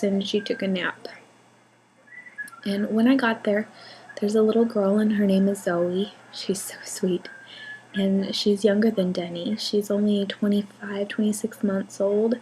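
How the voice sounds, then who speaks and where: A young mother talks into her camera at home, her voice soft and halting and often sinking nearly to a whisper. Her pitch sits in an ordinary middle range. A faint hum of the house hangs behind her. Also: low-quality recording. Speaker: mother vlogging about her daughter. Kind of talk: emotional personal vlog.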